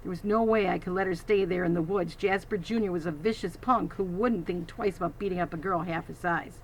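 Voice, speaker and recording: A woman's voice: lowish voice, brisk, a little hiss or hum, rough recording. A woman reading a children's novel aloud, adding teacherly asides to her listeners. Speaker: reader.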